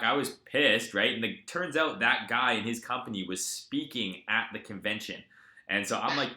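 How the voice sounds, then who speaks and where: A man's voice: mid-range voice, moderate pace, reverberant. A man hosting a live crypto trading stream, chatting casually and telling stories with a lot of swearing. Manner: profane, animated storyteller.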